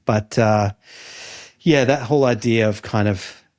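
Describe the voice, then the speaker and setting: Australian man, 30s, low voice, mellow tone, rambling podcast chat. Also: unhurried, no room sound, clean studio sound. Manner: musing, rambling with restarts. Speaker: podcast co-host. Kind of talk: casual chat.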